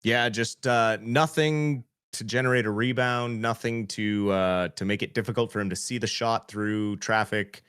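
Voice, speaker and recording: A man giving color commentary and chat shout-outs on a fan hockey livestream, relaxed and halting with many fillers. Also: fairly low pitch, smooth.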